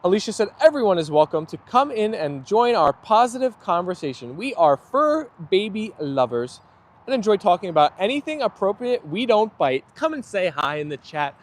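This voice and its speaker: A young livestream host chats outdoors as his dogs play, reading viewer comments aloud and laughing often in an easygoing way. His high voice swings widely in pitch, and he speaks at a moderate pace.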